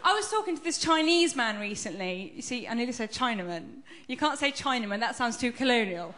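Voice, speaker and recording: A woman from Iran, doing a stand-up routine on stage, chatty with deadpan punchlines. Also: a little high, brisk, hardly any pauses, slight background noise. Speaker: stand-up comedian. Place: large theatre with a live audience. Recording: echoey theatre with a faint crowd.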